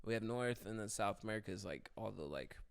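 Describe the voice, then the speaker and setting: A man's voice: fairly low pitch, animated, quick pace, gravelly. A young man co-hosting a casual podcast, laughing often and swearing loosely while joking with friends. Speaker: podcast co-host. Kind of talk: casual chat.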